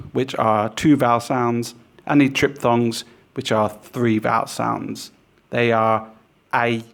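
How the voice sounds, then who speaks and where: A man teaching a pronunciation lesson, explaining patiently and modelling sounds slowly. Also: medium pitch, creaky. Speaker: language teacher.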